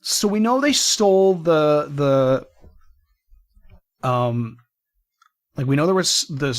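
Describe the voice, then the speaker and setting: A man co-hosting a game playthrough, thinking aloud in casual chat with halting restarts. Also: medium pitch, a bit bright. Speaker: let's play co-host. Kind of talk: casual let's play discussion.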